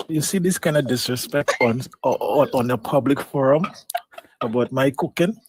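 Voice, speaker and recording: A man co-hosting a live talk show, playful and animated as he talks. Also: mid-range voice, measured pace, pauses often, a little hiss or hum. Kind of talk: lively live-show banter.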